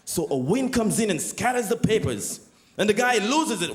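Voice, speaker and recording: A young man from Canada performing a stand-up comedy set, with deadpan setups and excited bursts on the punchlines. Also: high-pitched, moderate pace.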